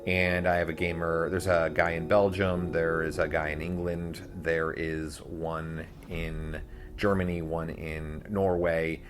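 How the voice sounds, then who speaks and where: A man with a very low voice co-hosts a tabletop gaming podcast. His talk is casual and rambling, full of fillers and restarts, with faint music underneath. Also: little pitch movement, a little slow. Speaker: podcast co-host. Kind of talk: casual chat.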